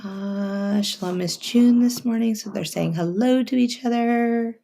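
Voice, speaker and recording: A woman's voice: on the high side, measured pace, gravelly, dark tone. A woman, hosting a casual quilting livestream from her home sewing room and chatting to viewers. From North Carolina. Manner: chatty, reads viewer comments aloud. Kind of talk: casual chat while sewing. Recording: faint sewing machine noise.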